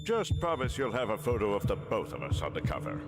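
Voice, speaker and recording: A man voicing a gentle old grandfather in a game, speaking softly and tenderly over music. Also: fairly low pitch, huge pitch swings, fairly quick. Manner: tender, soft-spoken.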